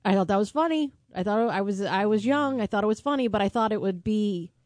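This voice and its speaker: A woman's voice: medium pitch, lively intonation, a little fast, a little mellow, dry recording. A woman co-hosting a radio show, candidly telling stories about her own past. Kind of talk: casual radio chat.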